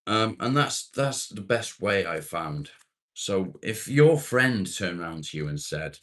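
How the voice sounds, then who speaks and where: A man's voice: deep voice, sing-song, a little slow, a bit bright. A middle-aged man chatting casually on a live stream, reading out viewer comments in a laid-back way and swearing freely.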